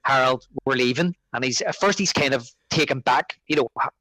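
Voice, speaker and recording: A man's voice: mid-range voice, a little fast, no room sound, rough recording. A man co-hosting a podcast, chatting casually about a film and acting out its lines. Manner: animated, quotes film lines in character. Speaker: podcast co-host.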